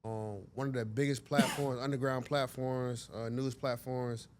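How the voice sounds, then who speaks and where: A man's voice: mid-range voice, flat delivery, measured pace, darkish tone, a little hiss or hum. A man hosting a casual interview, asking questions in a laid-back, slangy way. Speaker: podcast host.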